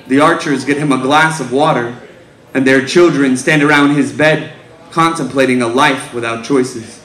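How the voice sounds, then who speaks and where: A man giving a slow, incantatory spoken-word reading of his own poetry, lingering on pauses. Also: fairly high pitch, a bit bright, reverberant, rough recording. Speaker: poet reading his work.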